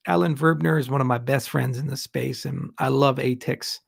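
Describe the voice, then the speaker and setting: Founder answering live questions; gravelly, blunt, candid, dry close sound. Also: male voice, medium pitch, fairly even intonation, moderate pace, dry recording. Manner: candid, blunt, rambling asides. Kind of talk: livestream Q&A.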